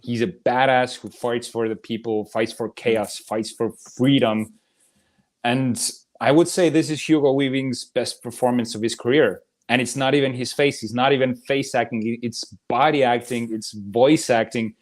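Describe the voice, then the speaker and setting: This American man co-hosts a movie debate show, talking in an animated, casual style, swearing freely and laughing often. His voice sits in the mid range, and his pace is moderate.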